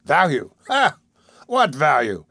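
Harsh, commanding sea captain, cynical and loud, put on by a male reader in a dry audiobook. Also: a little high, huge pitch swings, slow pace, gravelly, breathy edge, no echo, exaggerated voice. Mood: challenging.

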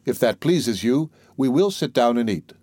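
A man's voice: mid-range voice, lively intonation, moderate pace, dark tone, no echo, close to an everyday voice. A man reading as a humble simple youngest son.

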